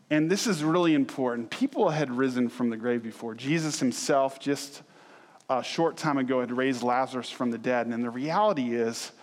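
A man preaching a sermon as a pastor, telling the story with animated asides and sudden loud acted-out outbursts. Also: medium pitch, in a large hall.

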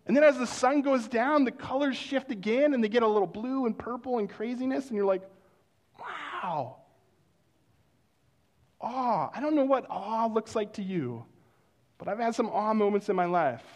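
A male pastor preaching a sermon in a conversational storytelling way, dropping to hushed exclamations of wonder. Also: extremely high pitch, brisk.

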